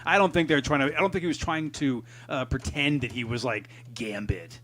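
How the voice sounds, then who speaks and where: A man's voice: mid-range voice, brisk, fairly bright tone. A man co-hosting a podcast, talking casually and profanely, laughing often. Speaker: podcast co-host. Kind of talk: casual chat.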